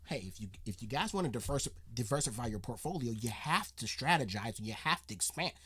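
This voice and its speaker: A man imitating a polished businessman who speaks in slow, careful investor jargon. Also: mid-range voice, expressive, sharp tone, husky, pitched below the performer's own voice. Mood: formal.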